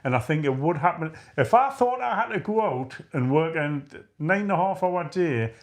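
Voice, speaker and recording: A man's voice: a little high, a little mellow. A middle-aged man with a chatty, rambling, self-mocking way of talking, co-hosting a casual live chat. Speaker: co-host of a live chat stream.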